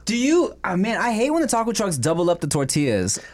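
Laid-back profane young vlog host. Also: male voice, sits high, huge pitch swings, brisk, a little mellow. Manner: profane and laid-back, says "dog" often. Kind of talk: casual chat while eating.

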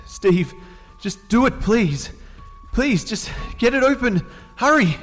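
A man acting out his trapped younger self, frantically pleading and shouting in a strained voice. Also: extremely high pitch, sing-song, takes it slowly, in a large hall, soft background music, pitched above the performer's own voice, full character voice. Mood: frantic pleading. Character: panicked young man trapped and begging for rescue.

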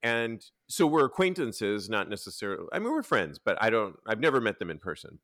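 Man, casual podcast host, lively storyteller, swears a lot, dry sound. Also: fairly low pitch, a little fast, dry recording. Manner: animated storyteller, acts out quotes, swears freely. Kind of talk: casual chat.

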